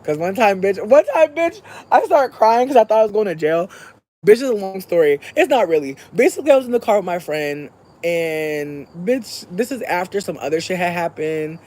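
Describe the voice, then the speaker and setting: A young adult podcast host telling a story in a casual, profane way, moving from soft-spoken to shouting. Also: mid-range voice, expressive, moderate pace.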